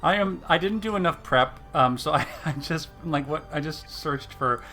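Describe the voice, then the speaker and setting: A game master who narrates hesitantly, with frequent fillers and laughter. His voice is bright and very animated, and faint music plays behind him. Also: a little high, moderate pace. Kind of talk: casual tabletop narration.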